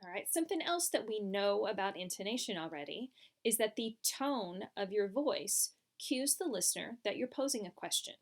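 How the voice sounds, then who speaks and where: A woman's voice: mid-range voice, expressive, moderate pace. A woman teaching a French lesson, explaining patiently step by step over slides. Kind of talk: recorded classroom lesson.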